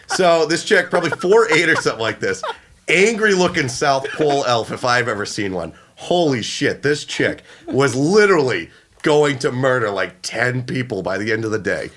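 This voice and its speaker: A young man tells a story on a casual podcast. He rants with animated swings in pitch, a bright, forceful tone and plenty of cursing. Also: moderate pace, slight background noise. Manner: animated, swearing, acts out quotes. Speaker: podcast co-host.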